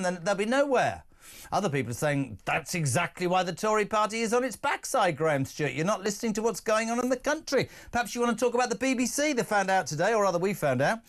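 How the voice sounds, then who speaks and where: Sixties male talk host, slightly high voice, emphatic and sarcastic, studio mic. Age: 60s. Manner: animated, incredulous, emphatic ranting with sarcastic asides. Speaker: radio talk show host. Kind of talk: live talk radio presenting. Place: broadcast studio.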